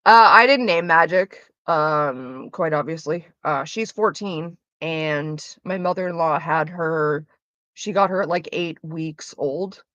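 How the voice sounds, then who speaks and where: A woman's voice: sits low, slow, fairly bright tone, no room sound, lo-fi sound. A woman chatting casually on a live stream, rambling and swearing through her asides.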